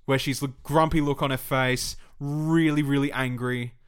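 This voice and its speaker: A man co-hosting a casual gaming podcast, animated and swearing freely as he chats. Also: mid-range voice, moderate pace, smooth. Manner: animated, swears freely, breaks into mock voices. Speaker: podcast co-host.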